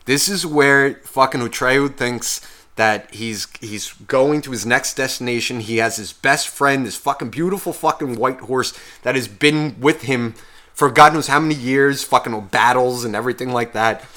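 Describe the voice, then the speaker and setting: A man's voice: medium pitch, moderate pace, sharp tone. Profane, heated young man ranting. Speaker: podcast co-host. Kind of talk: casual podcast rant.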